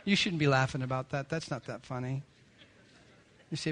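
A man, the pastor, preaching a sermon in a lively, joking way, often mimicking people. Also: medium pitch, normal speed.

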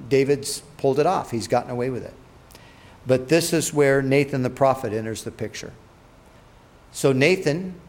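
A man preaching, retelling a Bible story with animated delivery and acted-out quotes. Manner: animated, acts out quotes with rising and dropping pitch. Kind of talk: sermon storytelling.

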